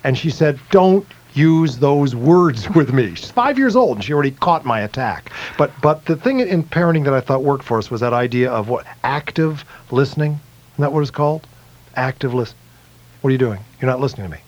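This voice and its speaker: A man's voice: medium pitch, animated, fast talker. A man hosting comedy on the radio, playful and bantering. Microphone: studio radio mic. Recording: lo-fi radio recording.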